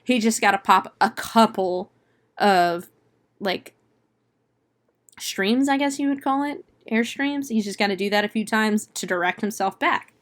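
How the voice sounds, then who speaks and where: A woman hosting a podcast, recapping a movie in casual, profane chat full of "like" and quick exclamations. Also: mid-range voice. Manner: chatty, profane retelling with frequent "like"; laughs and exclaims often. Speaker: podcast host.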